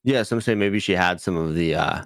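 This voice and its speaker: A man co-hosting a casual podcast chat, animated and prone to loud mocking asides. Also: low voice, a little fast, no echo, studio quality. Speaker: podcast co-host.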